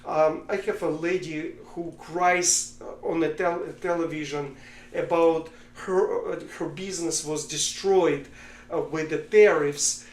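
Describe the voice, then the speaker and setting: A man co-hosting a podcast, talking politics casually in a halting way and telling jokes. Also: fairly high pitch, fairly even intonation, echoey room. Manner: halting, with many fillers and restarts, telling jokes. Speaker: podcast co-host.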